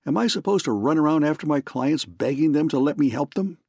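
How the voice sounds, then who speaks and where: A man's voice: a little high, expressive, fairly quick, gravelly, a little mellow, slightly rough, no echo, clean studio sound, voice pushed up, exaggerated voice. A man reading an audiobook, voicing a surly, stubborn hard-boiled private detective who speaks curtly.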